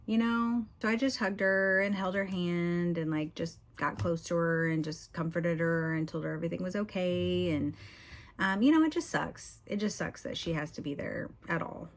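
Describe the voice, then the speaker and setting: A woman's voice: on the low side, moderate pace. A middle-aged woman chatting candidly in a casual vlog, often using "you know" and "y'all". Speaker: book vlogger.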